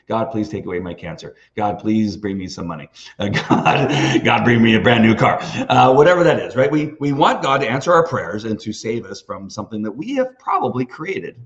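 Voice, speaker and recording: A man hosts his own live stream, talking off the cuff and circling back over his words. He is emphatic and animated, and his voice rises and falls a lot. The sound is a little dull and lo-fi. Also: a little high. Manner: rambling with frequent restarts. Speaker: host of a live video stream. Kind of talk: off-the-cuff livestream monologue.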